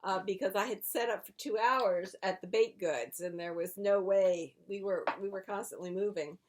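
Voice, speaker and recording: A woman's voice: mid-range voice, normal speed, darkish tone. Woman co-host, knitting podcast: chatty, explains as she goes, mid-range voice. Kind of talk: casual knitting chat.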